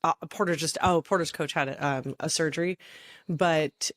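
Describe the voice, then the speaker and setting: A woman's voice: sits low, normal speed, no echo. Woman in her thirties; eager, emphatic co-host in a casual podcast chat; dry, close sound.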